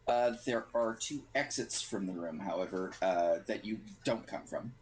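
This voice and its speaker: A man running a tabletop game as game master, relaxed and rambling, often correcting himself mid-sentence. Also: fairly low pitch, moderate pace, slight background noise, poor audio.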